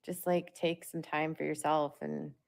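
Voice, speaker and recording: Young adult woman, low and gravelly, rambling casual vlog talk. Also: flat delivery, a little slow, a little mellow. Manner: rambling, talks through filler words. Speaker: parent vlogger. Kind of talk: casual monologue to viewers.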